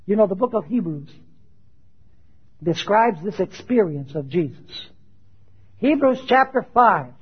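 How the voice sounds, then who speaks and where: An unhurried preacher with a husky voice and lively intonation leaves long pauses in his sermon. He raises questions for his listeners and answers them, booming on scripture and dropping low to ask. The sound is dull lo-fi.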